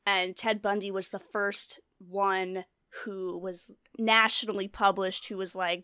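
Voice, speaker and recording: Woman, casual true-crime storyteller, mid pitch, dry close sound, lots of fillers. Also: flat delivery, unhurried, hardly any pauses, bright, forceful tone, smooth, no room sound. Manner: storytelling with many fillers and asides. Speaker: podcast co-host.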